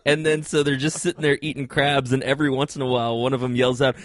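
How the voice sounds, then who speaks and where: A man's voice: mid-range voice, fast, few pauses. A man co-hosting a casual podcast, telling a long funny story and laughing through it. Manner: animated storyteller, laughs through his stories, yells quoted lines. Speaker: podcast co-host.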